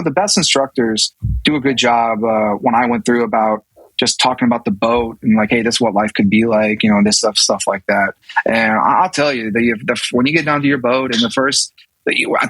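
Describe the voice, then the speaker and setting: Husky guy in his 30s, rambly podcast guest telling navy stories, dry close mic. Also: medium pitch, a bit bright, dry recording, poor audio. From US South. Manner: rambling with many restarts and acted quotes. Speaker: podcast guest, navy command master chief. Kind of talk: casual storytelling in an interview.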